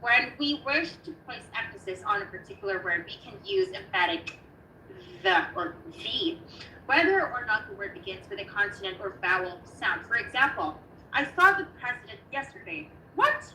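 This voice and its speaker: A woman learning English who is excitable and amazed, reading practice text aloud haltingly in casual study chat. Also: mid-range voice, a little hiss or hum. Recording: echoey room, distant mic.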